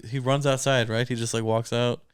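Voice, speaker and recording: A man from Michigan co-hosts a relaxed movie podcast, chuckling as he loosely walks through scenes. His voice is smooth and clean, set in a middle pitch. The sound is dry and close. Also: a little fast, no room sound. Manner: laughs often, retells scenes loosely. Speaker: podcast co-host. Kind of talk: casual movie chat.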